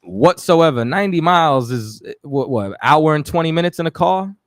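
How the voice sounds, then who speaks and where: A man runs a live radio stream in a loose, chatty way, calling out names from the audience. His voice sits a bit high for a man. The sound is close and dry, with no room around it. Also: lively intonation, normal speed, no echo. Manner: loose and conversational, shouting out viewers. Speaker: radio show host. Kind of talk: casual live-stream talk.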